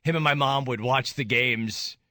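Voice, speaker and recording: A man's voice: medium pitch, normal speed, sharp tone, no room sound, clean studio sound. A man hosting a radio show, talking rawly about grief and rising into anger. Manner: raw, grieving, rises to anger. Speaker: radio host. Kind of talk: emotional radio talk.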